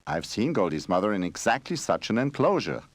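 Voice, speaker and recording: A man voicing an old wandering bear who speaks loudly and earnestly in a storybook game. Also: on the low side, very animated, a little fast, dry recording. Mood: grave. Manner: loud, urgent speech.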